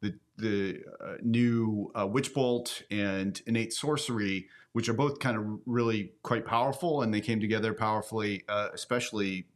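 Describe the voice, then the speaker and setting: A man's voice: on the low side, normal speed, few pauses. A man hosting a casual game commentary, rambling with many fillers and restarts. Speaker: host.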